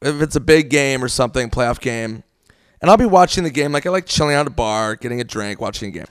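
A man's voice: medium pitch, animated, fast, clear, resonant tone, dry recording, studio quality. A man telling stories in a casual podcast chat, swearing freely and rambling. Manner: profane, rambling storyteller.

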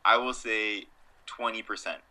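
Wry low-voiced young man, very bright tone. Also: fairly even intonation. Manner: dry, wry, deliberately obtuse. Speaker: podcast co-host. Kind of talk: casual chat.

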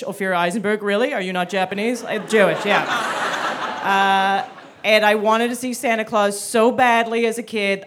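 A woman telling a comic personal story live on stage, acting out childhood scenes with sudden shouts. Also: on the high side, a little hiss or hum. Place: theater stage before a live audience.

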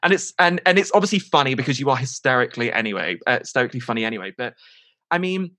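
A man's voice: mid-range voice, lively intonation, racing, bright, forceful tone, no echo, studio quality. A man hosting an interview podcast, chatty and openly a fan of his guest. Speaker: podcast host. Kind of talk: casual interview.

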